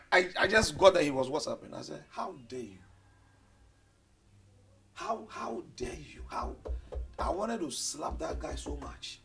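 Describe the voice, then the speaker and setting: A man preaching a sermon with passion, swinging between loud declarations and hushed low asides. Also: gravelly.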